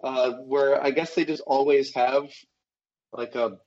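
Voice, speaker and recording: A man co-hosting a casual podcast, recapping things with a lot of pauses and fillers. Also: medium pitch, steady tone, darkish tone, muffled recording. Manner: hesitant, lots of uhs. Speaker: podcast co-host. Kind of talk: casual chat.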